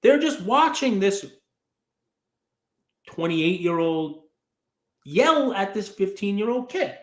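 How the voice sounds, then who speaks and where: A man's voice: high-pitched, takes it slowly, roomy sound. A man hosting a podcast, telling a story casually and acting out the people in it. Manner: animated, acts out quoted people. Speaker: podcast host.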